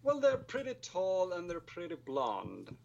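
A man's voice: high voice, huge pitch swings, a little slow, vocal fry, muffled recording. A man in his late twenties with a Swedish accent, a filmmaker guest speaking casually and self-deprecatingly, hesitating with many fillers. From Sweden. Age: 20s. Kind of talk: casual interview over a call.

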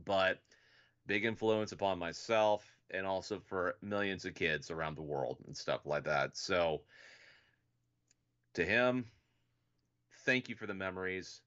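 A man's voice: deep voice, unhurried, long pauses, a bit bright, lo-fi sound. A man co-hosting a casual podcast, rambling and swearing with lots of fillers. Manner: rambling, profane, many fillers. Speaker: podcast co-host.

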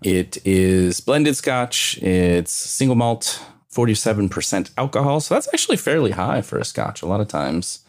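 Deep voiced guy cohosting, playful and bouncy, reads tasting notes. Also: sing-song, normal speed, few pauses. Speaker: podcast co-host. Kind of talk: casual chat.

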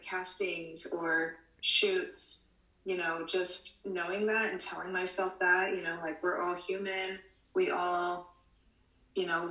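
A woman from the United States, a model in her late twenties or thirties, answers interview questions with a lowish, pushed, bright voice. She rambles, filling her answers with "you know" and restarts. The recording sounds roomy and distant.

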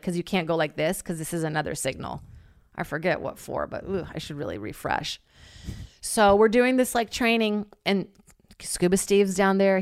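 A woman hosting a podcast, telling a funny story in a lively, casual way, swearing freely and acting out what people said. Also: fairly low pitch, creaky, clean tone, no echo, studio quality. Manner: animated, swears freely, acts out quotes. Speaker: podcast host.

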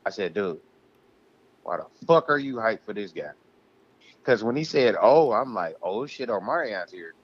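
Low-voiced man on a profane rant. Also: animated, moderate pace, pauses often, slightly rough, muffled recording. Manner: profane, heated, ranting. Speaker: podcast co-host. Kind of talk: casual ranting chat.

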